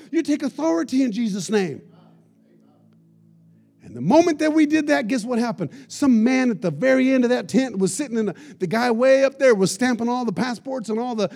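Male pastor, sermon, high voice, gravelly, energetic storytelling, shouted praise.

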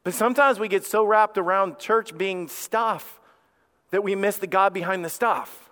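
A man preaching a sermon as pastor, emphatic, dropping low and quiet when he reads scripture. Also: normal speed. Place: church sanctuary. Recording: reverberant church hall.

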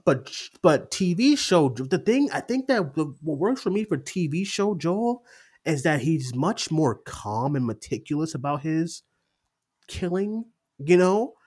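A young man co-hosting a casual podcast chat, excited, swearing often and acting out quotes. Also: fairly high pitch, a little slow, breathy edge. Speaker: podcast co-host.

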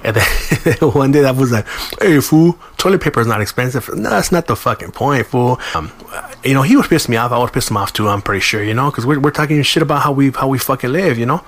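A man's voice: mid-range voice, animated, quick pace, fairly bright tone. A man, hosting a podcast and telling a long, profane, slangy story in a casual way. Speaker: podcast host.

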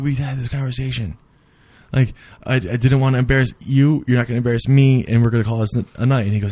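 A man telling a rambling story in casual chat, animated and full of swearing, acting out what people said. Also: mid-range voice, fast, dry recording. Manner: animated, swears a lot, acts out quotes.

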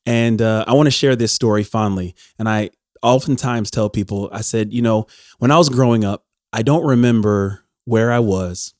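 A man's voice: on the low side, normal speed, darkish tone, no echo, clean studio sound. A man hosting a podcast, upbeat and affectionate, laughing easily while he talks with his guest. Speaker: podcast host. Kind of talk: casual podcast interview.

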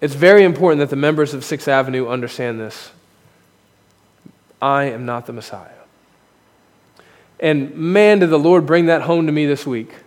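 At a podium microphone in a church sanctuary, a pastor delivers a frank, self-mocking sermon whose emphasis rises as he builds his points. His voice is a bit higher than most men's, moving at a moderate pace with long pauses, and a long reverb tail rings through the hall.

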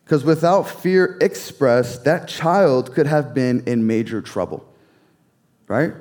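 Earnest male preacher, measured sermon. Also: mid-range voice, a little mellow. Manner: earnest, repeats key phrases, drops to a near whisper on quoted promises. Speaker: pastor.

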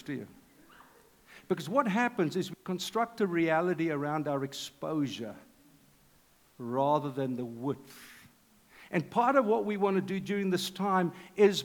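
A middle-aged male pastor preaching a sermon in a conversational, animated way, with asides to the congregation. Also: sits high. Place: church hall. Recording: reverberant hall.

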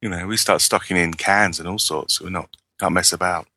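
A man co-hosting a podcast, relaxed and chatty, clearing his throat now and then. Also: low-pitched, a little fast, slight background noise. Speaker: podcast co-host. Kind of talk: casual chat. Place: home on a small island.

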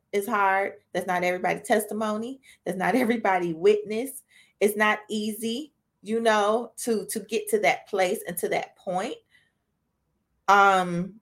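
A woman hosting a podcast gives a casual devotional talk to women in a medium-pitched, creaky, slightly bright voice. She's earnest and conversational, often ending sentences with "right?" and "you know?".

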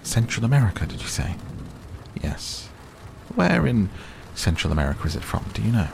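A persistent, cheery old tycoon who barely listens and keeps pressing his point, as a man reads him aloud. The voice sits a little above the reader's low, gravelly tone, with an easy, insistent lilt and a trace of faint background noise. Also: big pitch swings, normal speed. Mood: uneasy. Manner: pushy, talks over others, distracted. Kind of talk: audiobook character reading.

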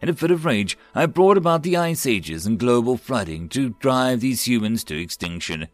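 A man's voice: mid-range voice, very animated, normal speed, no room sound, natural voice. A man voicing the proud, mocking spirit of a planet, a female being speaking through an alien in a story reading.

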